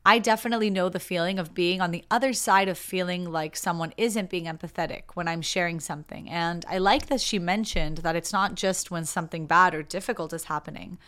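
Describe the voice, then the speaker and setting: A woman's voice: lowish voice, a little fast, few pauses, a bit bright. A young woman hosting a podcast, reading a book passage aloud and then reflecting on it earnestly, acting out the quoted replies as she goes. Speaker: podcast host.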